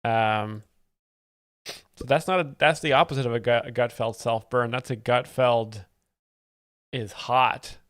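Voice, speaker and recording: A man's voice: medium pitch, steady tone, unhurried, pauses often, a bit bright, dry recording, studio quality. A young man hosting a comedy live stream, explaining jokes in an ironic, fake-earnest, rambling way. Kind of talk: mock-expert comedy commentary.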